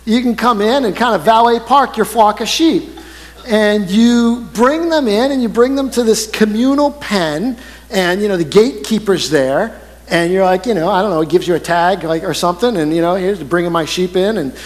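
Male pastor, animated conversational sermon delivery, higher voice, recorded in an echoing church hall. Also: a little fast.

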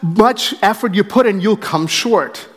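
A man's voice: sits high, a little slow, husky, big-room sound. A pastor preaching a sermon in an earnest way, acting out short quotes and restarting his phrases as he goes. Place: church sanctuary.

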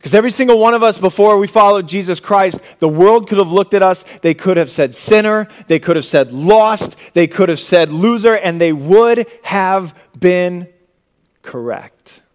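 A young adult man preaching a sermon, swinging from loud, emphatic lines to hushed, low passages. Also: normal speed. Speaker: pastor.

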